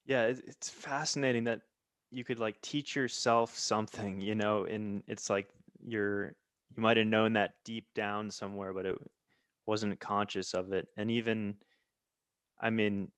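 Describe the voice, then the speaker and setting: Low voiced guy hosting a podcast, thoughtful, a bit hesitant, dry close sound. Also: little pitch movement, unhurried, a bit bright, clear, resonant tone, dry recording. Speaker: podcast host. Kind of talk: casual chat.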